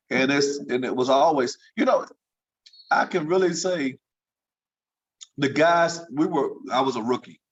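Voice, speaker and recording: A man telling lively stories as an interview guest, leaping up in pitch when he gets excited. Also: lo-fi sound. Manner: animated storyteller, jumps high in pitch for excited quotes. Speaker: guest, former pro basketball entertainer. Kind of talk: storytelling in casual interview.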